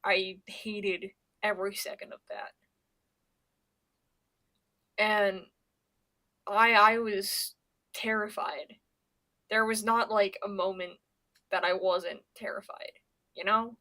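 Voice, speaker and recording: A woman's voice: medium pitch, steady tone, slow pace, pauses often, pushed and bright. Profane rambling young woman streamer. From Pennsylvania. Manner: rambling and profane, with stammered restarts. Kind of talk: casual chat.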